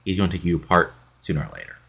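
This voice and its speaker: A man's voice: sits low, very animated, very fast, creaky, a bit bright, slightly rough, full character voice. A man reading out the lines of a young male biker who threatens an intruder. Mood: threatening. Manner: threatening, read aloud plainly.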